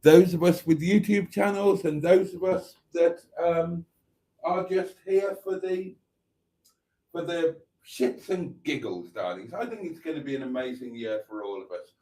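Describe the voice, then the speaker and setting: A man's voice: on the high side, unhurried, dark tone. A man hosting a casual livestream, reading viewer messages aloud in a camp, joking way. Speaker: livestream host. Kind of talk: casual live chat reading comments.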